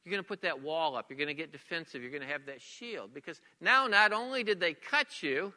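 A man's voice: a little high, animated, fairly quick, bright, forceful tone, long reverb tail. A middle-aged man preaching a sermon as a pastor, earnest and repetitive, sometimes dropping to a near whisper for emphasis.

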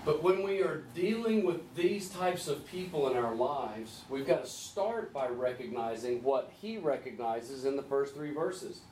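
A man leading a group Bible study, conversational and gently teasing, asking the group questions. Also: mid-range voice, expressive, measured pace, hardly any pauses. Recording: echoey room, distant mic, faint hiss.

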